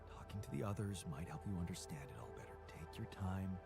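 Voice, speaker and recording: An actor playing a patient man in a video game who calmly reassures and guides his newly made double in a measured, soothing way. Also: sits low, creaky, soft background music. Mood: reassuring. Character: calm male creator, patient, reassuring guide.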